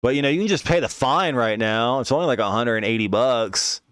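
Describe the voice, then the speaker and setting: A man voicing a young male jail officer in a relaxed, everyday way, in the middle of a spoken story. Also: mid-range voice, fairly quick, clear, resonant tone, no room sound, studio quality, close to an everyday voice. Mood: dismissive.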